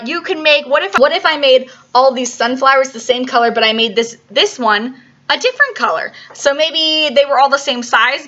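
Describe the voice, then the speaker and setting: A woman's voice: sits high, pushed and bright. A woman teaching an elementary art lesson in a chatty way, often checking in with "right?" and "okay?". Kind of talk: classroom video lesson for children. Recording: slightly dull lo-fi recording.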